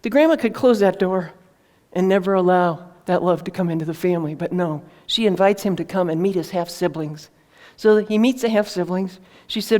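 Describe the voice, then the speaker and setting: A woman's voice: lowish voice, fairly quick, few pauses, warm tone. A woman author telling a heartfelt story to an audience in an earnest, conversational way, with fillers and restarts. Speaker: author presenting her book.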